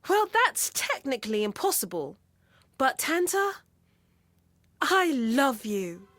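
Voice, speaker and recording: Earnest young english guy in a storybook, woman reading him, lively up-and-down voice, dry close sound. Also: high voice, slow pace, no room sound, heavily acted. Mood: fond. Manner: earnest, heartfelt.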